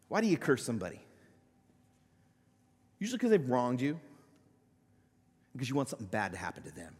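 A male pastor preaching a sermon, swinging between loud emphatic peaks and quiet, low-voiced asides. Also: wildly swooping pitch, a little fast, long pauses, breathy edge, long reverb tail. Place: church sanctuary.

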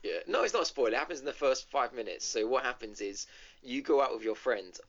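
A man's voice: mid-range voice, animated, fast, a bit bright. A man co-hosting a casual gaming podcast, retelling a game's story with lots of ums and restarts. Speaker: podcast co-host. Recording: dull lo-fi audio.

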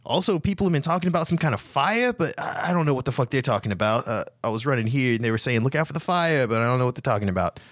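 A man's voice: medium pitch, expressive, very fast, hardly any pauses, fairly bright tone, no room sound, clean studio sound, lightly acted. A man voicing a frantic, foul-mouthed male gangster errand man who stammers and swears. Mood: exasperated.

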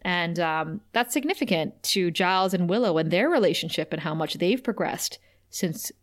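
A woman co-hosting a podcast, recapping an episode in an animated, chatty way with frequent laughter. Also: on the low side, moderate pace. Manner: animated, chatty, laughs often, many fillers. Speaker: podcast co-host. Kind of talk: casual episode recap chat.

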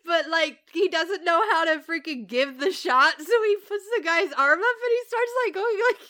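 A woman's voice: extremely high pitch, moderate pace, sharp tone. A woman who is a parent, co-hosting a podcast in casual chat and retelling show scenes with giggles and swearing. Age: adult parent. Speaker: podcast co-host.

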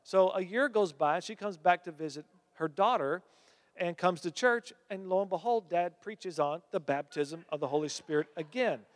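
A man delivers a sermon with a notably high voice, growing animated and climbing higher as his stories build. His words ring out with a long reverb, as in a large church sanctuary. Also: normal speed. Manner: animated storytelling, voice climbs when excited. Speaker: preacher.

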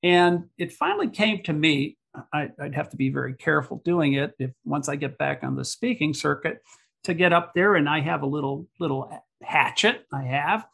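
Gravelly, husky-voiced New man. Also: fairly high pitch, animated, moderate pace, fairly bright tone. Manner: rambling, hesitant, many fillers. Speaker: environmental activist guest. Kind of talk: casual conversation.

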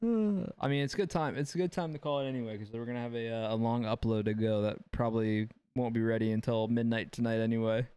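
A man's voice: mid-range voice, steady tone, quick pace, hardly any pauses, mellow, clear, resonant tone. A young man co-hosting a gaming podcast, speaking casually and earnestly with lots of fillers and restarts. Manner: rambling, filler-heavy, earnest. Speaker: podcast co-host, former Halo player. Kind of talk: casual chat.

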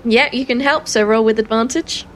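A woman's voice: fairly high pitch, a little fast, a little hiss or hum. Hesitant woman game master. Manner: hesitant, many ums. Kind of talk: narrating a tabletop game.

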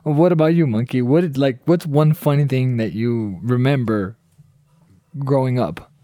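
A man's voice: medium pitch, moderate pace, mellow, dry recording, clean studio sound. A young man from Southern California telling a funny story in a casual chat with friends, swearing and laughing often.

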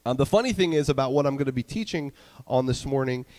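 A man from New York preaching a casual sermon as a church's student director, talking fast with many fillers while a bit stuffy from a cold. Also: mid-range voice, lively intonation, darkish tone, in a large hall. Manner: quick-talking, chatty, many fillers and restarts. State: stuffy, getting over a cold. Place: church sanctuary.

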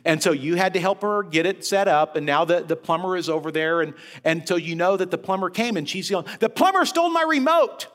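A male preacher delivers a sermon in a slightly high voice, with an animated storytelling swing. His words ring out with a long reverb from a large chapel. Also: brisk, few pauses. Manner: animated storytelling that rises and falls. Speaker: head of a Baptist senior-care ministry, guest preacher.

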